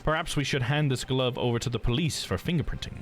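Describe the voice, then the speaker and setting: A man reading the part of a calm male prison investigator who asks measured, quietly accusing questions. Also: mid-range voice, faint music behind, lightly acted. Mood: probing.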